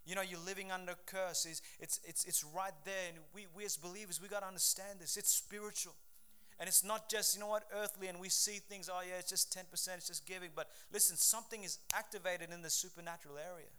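Bright-voiced man preaching. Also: high voice, steady tone, fast, clear, resonant tone. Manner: fervent, conversational preaching with repeated restarts. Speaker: pastor. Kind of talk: sermon.

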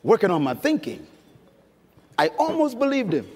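A man's voice: high-pitched, huge pitch swings, normal speed, darkish tone, husky. A male preacher giving an emphatic sermon at a conference, telling stories and prompting his audience. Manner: emphatic, storytelling, engaging the audience with questions. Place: large conference hall. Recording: long reverb of a large hall.

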